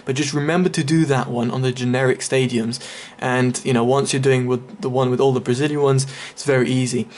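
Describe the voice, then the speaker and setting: A man's voice: mid-range voice, fairly even intonation, brisk, few pauses, darkish tone. A man giving casual, chatty commentary over a game walkthrough, explaining each step with many fillers. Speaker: gaming video creator.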